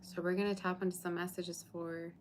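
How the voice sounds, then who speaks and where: A woman with a lowish voice gives a live tarot reading and chats casually with her viewers in between. She is reassuring and answers their comments as she goes. A faint hiss sits under her voice. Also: level tone, brisk. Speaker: tarot reader. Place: borrowed room, indoors.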